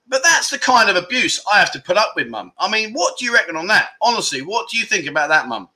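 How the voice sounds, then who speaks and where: A man's voice: sits high, very animated, fast, few pauses, pushed and bright. A middle-aged man hosting a casual livestream chat, teasing and talking loosely with many restarts. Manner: chatty, teasing, restarts often. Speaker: livestream host.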